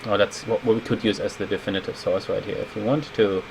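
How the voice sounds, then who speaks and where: A lower-pitched man in his thirties talks through a live game stream at a desk mic, rambling casually and answering viewer comments as they come in. A faint air-conditioning hum sits behind his voice. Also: steady tone, fast, creaky, a little mellow, low-quality recording. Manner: chatty, rambling, reads viewer comments aloud. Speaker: level designer streaming a retrospective.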